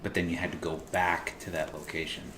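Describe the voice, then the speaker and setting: Low-voiced man commentating his gameplay. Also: level tone, a little fast, a bit bright, echoey room, a little hiss or hum. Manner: chatty, laughs often, explains game mechanics. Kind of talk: casual game commentary.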